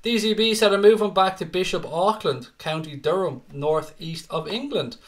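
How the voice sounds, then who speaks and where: A man with a fairly high voice runs a live football reaction stream. He reads fan messages aloud and fires back brash, foul-mouthed banter, casual and quick to joke. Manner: brash bantering, swears freely; reads out chat messages and answers them. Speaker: livestream host reading fan comments. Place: home setup with no other audio.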